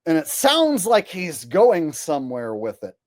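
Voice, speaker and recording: A man's voice: fairly high pitch, wildly swooping pitch, a little slow, a little hiss or hum. A man ranting to camera as a comedy commentator, blunt, sarcastic and full of swearing. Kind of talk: profane rant to camera.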